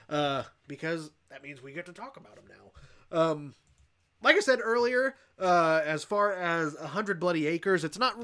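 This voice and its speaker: A man's voice: on the high side, a bit bright. A young man hosting a casual horror-movie livestream, rambling and swearing, laughing often. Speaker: podcast host.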